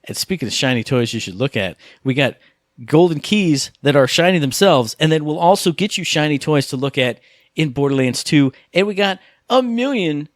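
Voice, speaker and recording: A man co-hosting a gaming podcast, chatting casually and rambling excitedly through stories. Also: a little high, no room sound, clean studio sound. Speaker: podcast co-host.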